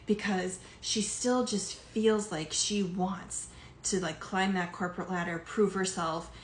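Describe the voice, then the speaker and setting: A woman's voice: fairly low pitch, fairly even intonation, unhurried. A middle-aged woman, a life coach, talking casually to her audience with lots of fillers and some emotion. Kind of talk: casual monologue to camera. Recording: echoey room with faint background noise.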